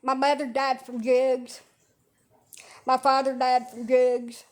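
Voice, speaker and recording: A woman's voice: high-pitched, level tone, slow. Blunt woman, sarcastic and crude. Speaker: social media livestreamer. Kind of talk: casual rambling livestream talk. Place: in bed at home.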